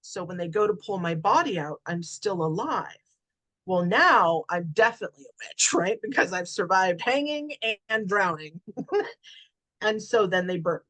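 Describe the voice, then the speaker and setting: A woman's voice: lowish voice, lively intonation, measured pace, a bit bright. A middle-aged woman, a podcast guest, telling a personal story in a chatty way, with lots of "right?" and "like". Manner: chatty, many fillers like "right?" and "like". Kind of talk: casual storytelling.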